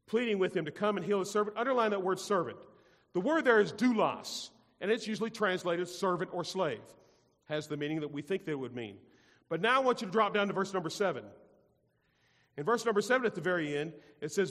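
A man's voice: high voice, a bit bright. A man preaching a sermon to his congregation, emphatic and repetitive, putting questions to the listeners. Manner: emphatic, repeats phrases, asks the congregation questions. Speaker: pastor. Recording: long hall reverb.

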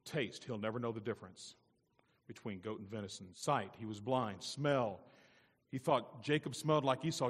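Emphatic preacher in an echoing church. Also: male voice, mid-range voice, moderate pace, breathy edge. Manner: emphatic, call-and-response, rising to loud peaks. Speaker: pastor. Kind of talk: sermon.

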